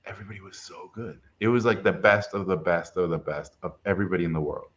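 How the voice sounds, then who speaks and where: This middle-aged film director is a fast talker with a low voice. During a casual interview he relates a personal story, animatedly acting out the voices of the people involved. The recording is dull and lo-fi.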